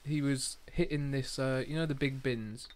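A man's voice: mid-range voice, fairly even intonation, normal speed, darkish tone, slight background noise. A man co-hosting a casual podcast chat, telling stories with dry asides. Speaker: podcast co-host.

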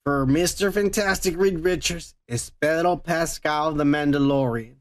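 A man's voice: on the high side, normal speed. A man hosting a podcast in profane, blunt, joking casual chat. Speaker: podcast host.

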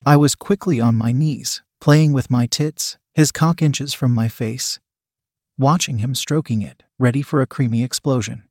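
A man narrating an erotic audio story in the first person, reading in a steady, measured way. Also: medium pitch, no room sound, studio quality.

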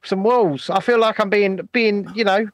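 A man's voice: high-pitched, fairly even intonation, normal speed, no room sound. A man co-hosting a live chat show, joking in a laid-back way and chuckling often. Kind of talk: casual banter, live stream.

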